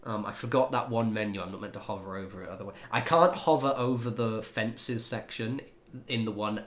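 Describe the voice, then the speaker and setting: On a livestream, a male game streamer with a fairly low, fairly bright voice chats casually with viewers as he plays. He's laid-back, laughs often, and swears freely.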